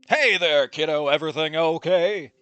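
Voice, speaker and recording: Guy reading as a caring dad on the phone, gentle, checking in, kinda high. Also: moderate pace, clean tone, no echo, natural voice. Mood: concerned.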